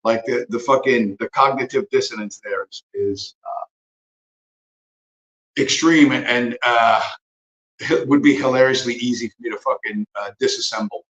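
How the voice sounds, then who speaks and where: A man's voice: medium pitch, steady tone, measured pace, a bit bright, reverberant, poor audio. A man hosting a livestream, talking in a profane, rambling, sarcastic way. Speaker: livestream host. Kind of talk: casual rambling commentary.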